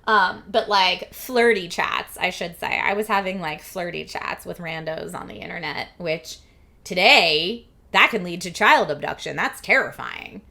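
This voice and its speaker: A woman's voice: on the low side, expressive, measured pace, vocal fry, pushed and bright. A woman in her thirties from the Philadelphia area, chatting casually and animatedly with her stream viewers, laughing often and saying "like" a lot. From Philadelphia and New Jersey area.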